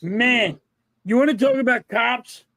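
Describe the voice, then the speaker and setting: A middle-aged man with a Philadelphia accent talks in a very high voice, recorded dry and close. He is an animated storyteller who acts out the other people's lines and swears casually, as a podcast co-host in a relaxed chat. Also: unhurried, no room sound.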